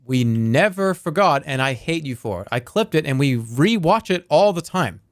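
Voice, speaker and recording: A male streamer with a slightly raised pitch rambles playfully through his live session. He reads viewer messages aloud in a loose, joking way. The sound is close and dry, with no room around it. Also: animated, normal speed, dry recording. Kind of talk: live game stream commentary.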